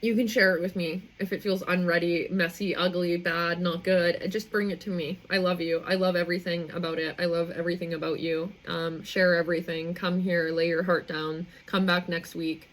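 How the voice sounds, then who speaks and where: A young woman signs off her livestream emotionally, effusive, rambling and heartfelt. Her lowish voice is delivered flatly and briskly with few pauses, on a rough recording.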